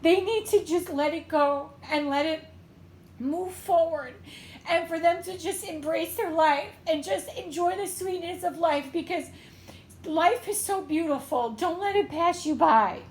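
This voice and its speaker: A woman tarot reader and medium giving an emotional, tearful reading with a slow, pleading delivery. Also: very high-pitched, reverberant, slight background noise.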